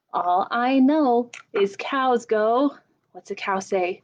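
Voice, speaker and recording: A young woman hosts a children's story time, drawing out her questions slowly and playfully. Her voice sits a little high. The audio is dull and lo-fi. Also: a little mellow. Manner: slow sing-song questions, playful animal sounds. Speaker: children's librarian.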